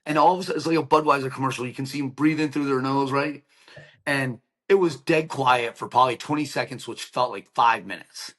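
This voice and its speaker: A middle-aged man of ordinary pitch, a podcast guest, spinning a personal story with lively energy. He keeps a casual, run-on flow full of "like" and "right?" and slips into the voices of the people in his tale. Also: a little fast. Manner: animated storyteller, acts out quoted dialogue, many "like" and "right?" fillers. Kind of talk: emotional personal storytelling in an interview.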